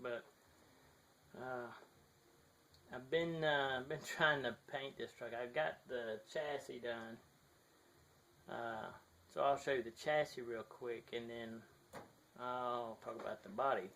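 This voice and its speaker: A man's voice: medium pitch, fairly even intonation, slow pace, pauses often, bright, forceful tone, slight background noise. A man with a thick Southern US accent chatting casually to a handheld camera outdoors, rambling and apologetic with lots of fillers. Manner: self-deprecating, rambling with many fillers. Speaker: model builder showing his work. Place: outdoors near his garage, in sunlight. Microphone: handheld camera, shaky.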